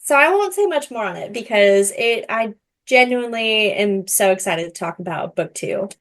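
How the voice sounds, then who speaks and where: A woman's voice: mid-range voice, animated, normal speed, fairly bright tone. A woman co-hosting a book podcast, gushing and playful in casual chat. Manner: gushing, playful, frequent "like" fillers.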